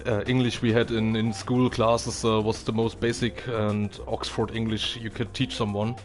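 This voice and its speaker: A man's voice: fairly low pitch, level tone, normal speed, soft background music. A man commentating a racing stream in casual chat, hesitant and full of fillers.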